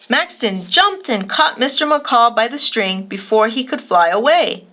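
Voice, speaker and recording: Expressive woman reading a bedtime story. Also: mid-range voice, takes it slowly. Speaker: storybook reader. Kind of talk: children's storybook read-aloud.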